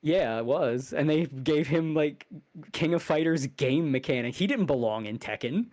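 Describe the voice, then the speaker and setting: A man on a casual podcast, ranting in an angry, profane, heated way with sudden fast bursts. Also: lively intonation. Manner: fast bursts and sudden loud jumps in pitch. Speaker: podcast co-host.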